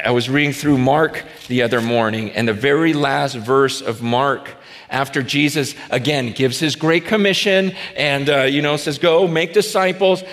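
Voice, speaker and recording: A man preaching a sermon in a conversational storytelling way, full of fillers and restarts, acting out dialogue and sometimes rising to shouts. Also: medium pitch. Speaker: pastor. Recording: reverberant hall.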